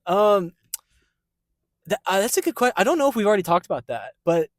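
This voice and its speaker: A man co-hosting a movie podcast in casual chat, animated and quick to laugh. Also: sits high, no room sound. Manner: animated, excitable, laughs easily. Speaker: podcast co-host. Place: in a parked car.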